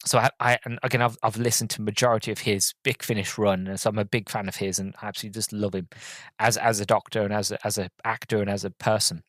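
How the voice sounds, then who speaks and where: A man's voice: lowish voice, steady tone, quick pace, fairly bright tone, no room sound. Earnest, rambling male podcast host. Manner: rambling, hesitant, full of ums and restarts; earnest, openly emotional fan. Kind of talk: casual storytelling review.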